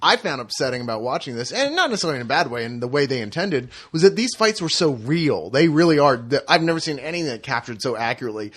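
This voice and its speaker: A man's voice: mid-range voice, very animated, fast talker, few pauses, fairly bright tone. A man in a casual movie review chat, talking through a film thoughtfully. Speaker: podcast co-host.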